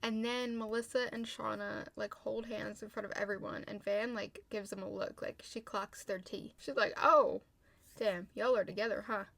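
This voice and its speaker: Vocal fry runs through this young woman's flat, medium-pitched delivery as she recaps a TV episode at a moderate pace with few pauses. The recording is dry, and her casual chatter is full of swearing and "like."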